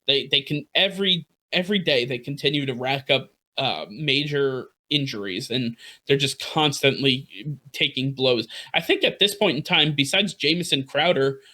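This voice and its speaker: A man's voice: mid-range voice, moderate pace, sharp tone. A man co-hosting a sports podcast, chatting casually about football teams with lots of fillers, restarts and the odd laugh. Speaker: podcast co-host.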